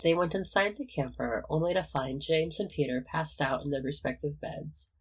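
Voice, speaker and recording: A reader narrating a romantic fan fiction story in a steady, even manner. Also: medium pitch, moderate pace, breathy edge, low-quality recording. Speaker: audiobook reader. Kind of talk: reading fan fiction aloud.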